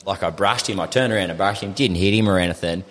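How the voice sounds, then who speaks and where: A man's voice: deep voice, fast talker, fairly bright tone, in a large hall. A young Australian man telling stories as a podcast guest, laid-back, swearing often and laughing through his tales. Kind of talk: casual storytelling chat.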